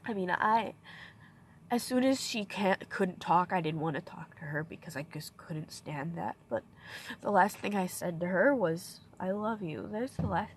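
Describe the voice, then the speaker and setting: Grieving young woman, halting and creaky. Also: fairly low pitch, slight background noise. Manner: halting, soft-spoken, trailing off. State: grieving, emotional. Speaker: vlogger. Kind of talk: personal grief vlog. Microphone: self-filmed on camera.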